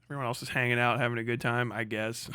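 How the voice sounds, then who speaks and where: A man's voice: medium pitch, level tone, fast talker, bright, forceful tone, smooth, no echo. A young man hosting a livestream, ranting crudely and sarcastically, laughing often and answering chat. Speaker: livestream host. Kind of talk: profane ranting stream chat.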